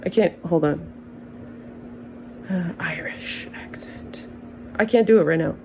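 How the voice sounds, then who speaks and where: A woman's voice: mid-range voice, sing-song, slow pace, vocal fry, long pauses, warm tone, slight background noise, low-quality recording. A woman in her early thirties talking casually to camera, rambling from tangent to tangent with wry, profane humor. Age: early 30s. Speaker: vlogger.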